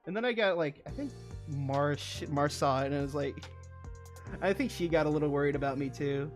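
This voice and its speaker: A man's voice: fairly high pitch, normal speed, soft background music. Laughing young man telling stories. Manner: laughing storyteller, lots of swearing and filler. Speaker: streamer. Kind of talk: casual chat on a hobby stream.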